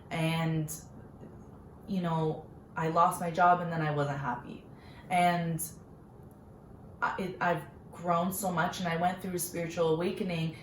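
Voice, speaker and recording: Chatty young woman, roomy echo. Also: fairly low pitch. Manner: chatty, frequent fillers, earnest. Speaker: vlogger, small business owner. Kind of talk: casual personal storytelling. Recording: roomy echo, faint background noise.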